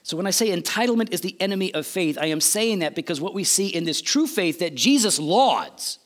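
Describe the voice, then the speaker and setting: A male preacher delivers a sermon in an animated storytelling manner. His voice sits high and moves all over the place. He acts out quotes and shifts between loud and soft phrases. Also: brisk.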